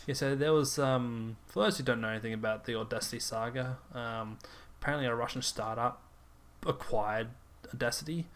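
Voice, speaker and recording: A young man, tired after a late shift, rambles through casual podcast chat. He often laughs at himself, in a plain mid-pitched voice. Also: brisk, a bit bright. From Australia. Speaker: podcast co-host.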